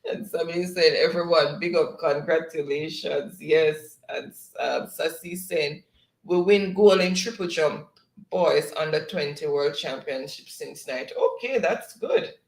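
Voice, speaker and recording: A woman's voice: low voice, measured pace. Chatty Jamaican woman in an echoey room. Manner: chatty, laughs often. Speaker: livestream host. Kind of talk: reading viewer chat aloud.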